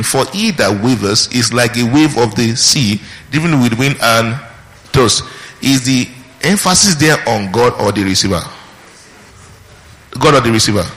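A man preaching a sermon, teaching through scripture with questions put to the congregation and pauses on key words. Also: mid-range voice, fairly bright tone, in a large hall, rough recording.

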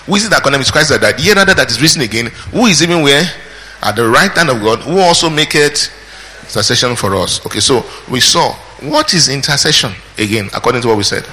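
A man preaching a verse-by-verse Bible teaching, pausing to quiz the congregation with call-and-response questions. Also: medium pitch, lively intonation, pushed and bright, slight background noise. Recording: hall reverb, faint ambience.

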